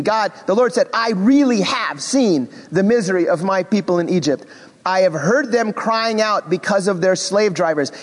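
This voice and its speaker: Animated man teaching scripture in a hall. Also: sits high. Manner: animated, expressive, self-deprecating asides. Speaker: Bible teacher. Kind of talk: Bible class teaching.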